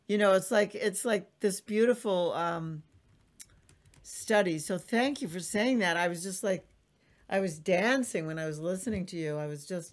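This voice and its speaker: A woman hosting a podcast in casual conversation, effusive and emphatic, acting out quotes in a raised voice. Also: mid-range voice. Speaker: podcast host.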